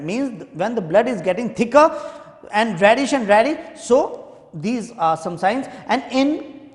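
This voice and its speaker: A man's voice: very high voice, lively intonation, measured pace. A male teacher who reads a story aloud and stops to explain the words in simple terms. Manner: explains each word in simple terms, then goes back to reading. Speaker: English teacher. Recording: echoey room with long reverb.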